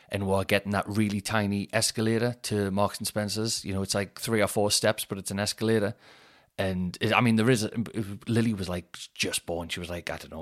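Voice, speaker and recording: Bloke in his 30s, podcast host, lowish voice, rambly and sweary, jumps up loud when quoting folk. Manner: sweary, rambling, animated retelling with shouted put-on quotes. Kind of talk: casual comedic storytelling.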